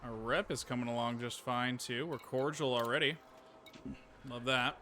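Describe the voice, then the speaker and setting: Male streamer, relaxed chatty play-by-play, mid-range voice, clear hiss under the mic. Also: mid-range voice, normal speed. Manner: thinks aloud, easygoing and chatty. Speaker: game streamer. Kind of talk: casual gameplay commentary. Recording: steady noise behind the voice.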